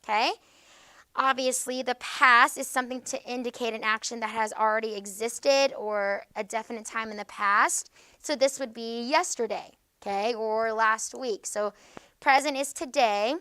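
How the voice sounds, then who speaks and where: A woman teaching a grammar lesson to a class, checking in with "okay?" after each point and reading out example phrases slowly with stress. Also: fairly high pitch, steady tone, sharp tone, clear, resonant tone, dry recording. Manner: frequent checking "okay?" with students.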